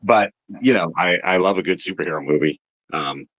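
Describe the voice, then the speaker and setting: A man's voice: sits low, brisk, a bit bright, no echo. A man talking casually about writing for animation, with many ums and restarts. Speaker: animation writer. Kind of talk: casual interview chat.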